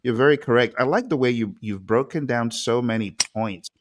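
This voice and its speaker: A man hosts a live-streamed interview with a middle-pitched voice. He exclaims often and gets excited as he reads viewer comments aloud. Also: a little fast. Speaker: interview host.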